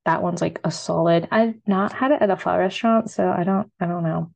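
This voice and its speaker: A woman's voice: on the low side, fairly even intonation, fast talker, creaky, few pauses, a little mellow. A young American woman chatting casually and rambling about food she loves, with lots of fillers. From United States. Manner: rambling, filler-heavy, upbeat. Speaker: food vlogger. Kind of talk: casual solo food chat.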